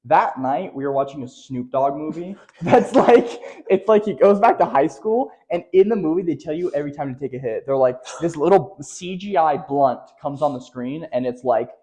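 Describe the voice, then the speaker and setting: A man's voice: a little high, animated, normal speed, few pauses, warm tone. A young man co-hosting a podcast, rambling loosely and dropping "like" and "okay" often. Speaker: podcast co-host. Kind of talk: casual chat.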